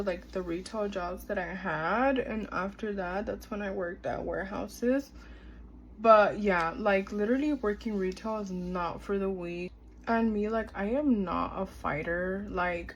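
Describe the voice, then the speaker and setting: With a mid-range voice on a low-quality recording, faint noise behind her, a twenty-something woman tells a story. She's a storytime vlogger whose casual chat is full of fillers, and she performs the lines people said.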